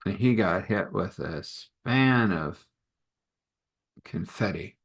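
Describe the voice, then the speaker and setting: A man's voice: low-pitched, animated, takes it slowly, husky. Man narrating a rambling fantasy story. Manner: rambling, musing, with fillers.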